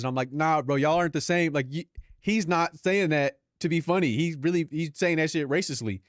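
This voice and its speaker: A young Filipino man banters loosely with his live stream audience, swearing freely and breaking into laughs. His voice sits a little high, and the close mic sounds dry. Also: quick pace, dry recording. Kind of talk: casual stream chat.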